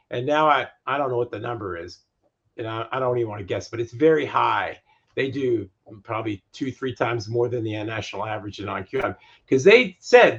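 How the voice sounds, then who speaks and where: A man's voice: mid-range voice, lively intonation, brisk, fairly bright tone, lo-fi sound. A man speaking as a guest in a podcast interview on lending. He makes his points emphatically and repeats phrases to drive them home.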